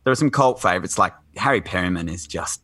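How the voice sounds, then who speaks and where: A man's voice: low voice, expressive, fast, sharp tone, no room sound. A man chatting casually as a podcast guest, rambling with lots of fillers and restarts.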